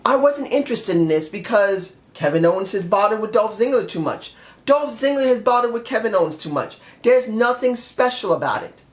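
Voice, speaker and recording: A man's voice: high-pitched, lively intonation, a little fast, echoey room. Blunt, opinionated male vlogger. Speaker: wrestling show reviewer. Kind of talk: casual opinion vlog.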